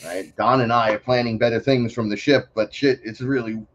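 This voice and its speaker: A male interview guest tells his stories with excitable energy and a lot of swearing, acting out the other voices. His voice sits in an ordinary middle range. The recording sounds dull and lo-fi. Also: mid-range voice, normal speed. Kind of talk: animated storytelling. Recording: dull lo-fi audio.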